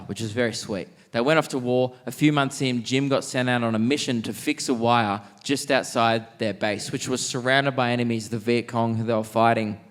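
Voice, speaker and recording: A young man from Australia doing stand-up comedy, telling stories in a lively way and acting out the people in them. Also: mid-range voice. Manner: animated, acts out characters with quick voice shifts. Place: large theatre stage.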